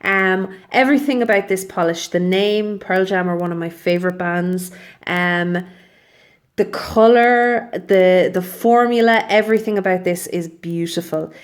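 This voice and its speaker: A woman's voice: lowish voice, moderate pace. A young woman chatting casually through a nail polish review, rambling and often correcting herself mid-sentence. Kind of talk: casual product review vlog.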